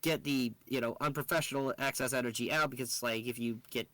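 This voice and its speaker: A man's voice: medium pitch, steady tone, brisk, sharp tone, no echo. A man co-hosting a casual podcast, rambling with lots of fillers and laughing easily. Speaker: podcast co-host. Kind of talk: casual chat.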